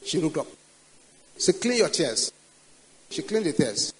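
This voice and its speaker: A man's voice: fairly high pitch, sing-song, unhurried, in a large hall, rough recording. An older man with a Nigerian accent, preaching a sermon and leading prayer with rising, commanding declarations. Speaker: pastor.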